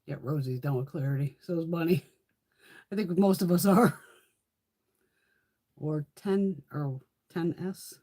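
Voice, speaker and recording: Husky, foul-mouthed middle-aged woman host. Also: low-pitched, unhurried, pauses often, mellow. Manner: swears freely, chatty and laughing. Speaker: beauty livestream host. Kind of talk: casual livestream chat with viewers.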